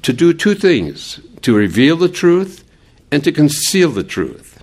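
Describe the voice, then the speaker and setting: An older American man teaching a Bible lesson in an animated, digressive way, chuckling now and then. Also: fairly high pitch, unhurried.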